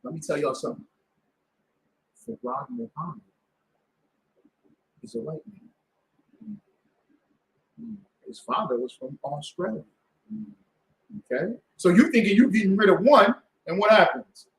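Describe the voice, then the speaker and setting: Guy teaching sabbath class, kinda high voice, keeps asking "right?" and "okay?", echoey hall sound. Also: lively intonation, brisk, creaky. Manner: preachy, call-and-response with rhetorical questions. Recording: echoey room.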